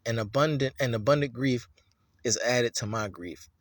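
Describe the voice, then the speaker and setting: A man reading aloud as the spirit of a grieving mother speaking from beneath the ground, in a slow, hushed, mournful way. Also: medium pitch, no room sound, voice pushed down, natural voice. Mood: mournful, tender.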